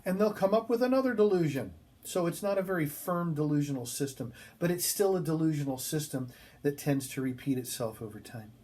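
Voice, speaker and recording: A man's voice: fairly high pitch, animated, brisk, mellow. A man giving a classroom lecture, talking casually with many ums and restarts as he tells a story from his work.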